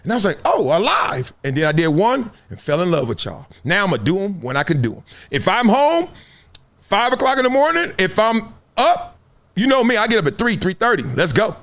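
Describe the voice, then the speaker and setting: A middle-aged host of a live sports talk stream speaks from his home studio in a high-pitched, sing-song, brisk voice with a fairly bright tone. He responds to chat by building up emphatically and laughing a lot.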